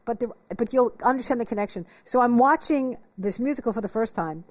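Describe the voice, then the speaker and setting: A woman's voice: fairly high pitch, brisk, darkish tone. A woman hosting an interview, talking in an earnest and emotional way. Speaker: host. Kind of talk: interview conversation.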